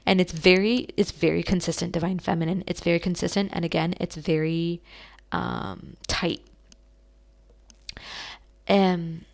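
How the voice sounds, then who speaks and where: Woman psychic reader, lowish gravelly voice, soft and emotional, halting delivery. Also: level tone. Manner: soft, emotional, addresses listeners as beautiful souls; halting, many fillers and restarts. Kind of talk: channeled tarot reading.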